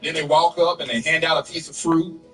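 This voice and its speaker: A man doing a loud, animated stand-up comedy set and laughing at his own jokes. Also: a little high, fairly quick, recorded from a distance, faint music behind.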